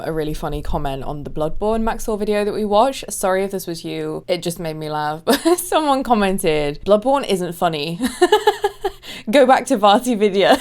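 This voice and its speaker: A woman's voice: lowish voice, a little mellow. Giggly woman hosting a reaction video. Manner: giggly, chatty and self-deprecating. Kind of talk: casual reaction chat.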